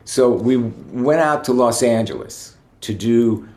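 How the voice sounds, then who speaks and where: A man, a guest musician, telling relaxed stories in a rambling way, full of "you know". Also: mid-range voice, slow pace, roomy sound. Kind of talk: relaxed anecdotal storytelling.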